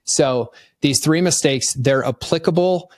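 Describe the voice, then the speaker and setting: A middle-aged man on a podcast, explaining marketing ideas in an animated, conversational way and slipping into quick voices for the customers in his stories. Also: fairly high pitch, no echo, studio quality. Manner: animated storyteller acting out customers in quoted voices. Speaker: podcast guest, marketing consultant.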